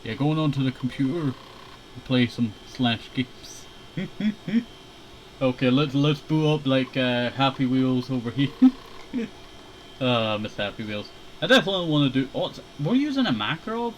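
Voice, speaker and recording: A man's voice: mid-range voice, expressive, normal speed, a little hiss or hum, poor audio. Laid-back young man rambling over gameplay. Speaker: streamer playing a shooter game. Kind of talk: casual gaming commentary.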